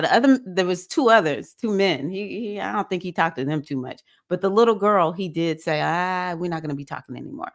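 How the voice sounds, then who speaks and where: Woman giving an animated spiritual pep talk. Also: fairly low pitch. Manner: casual, conversational, animated with acted-out quotes. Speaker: host of a women's spiritual circle. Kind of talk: live-stream motivational talk.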